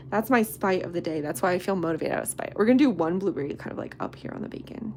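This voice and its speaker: A woman's voice: lowish voice, expressive, quick pace, few pauses, a little hiss or hum. Bubbly woman chatting on a live stream. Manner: chatty, bubbly, greets viewers by name, drops to soft asides. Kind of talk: casual live-stream chat while sculpting.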